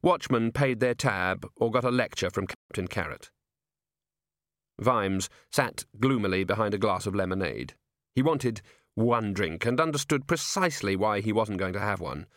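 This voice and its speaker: A man reading a comic novel as an audiobook in wry, expressive storytelling narration. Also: lowish voice, moderate pace, no room sound, clean studio sound.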